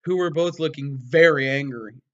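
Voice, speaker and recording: A man with a somewhat high voice reads a story aloud in a mock-dramatic way. He breaks off for wry, deadpan sarcasm. The recording is slightly dull and lo-fi. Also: moderate pace. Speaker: comedic reader.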